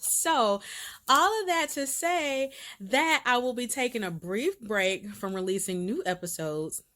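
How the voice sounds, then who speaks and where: A woman's voice: a little high, expressive, unhurried, a bit bright. A woman hosting her faith-based video series, giving a casual update straight to the camera. She talks in a bubbly, emphatic way, laughs often, repeats words for emphasis, and gets emotional enough that she is near tears.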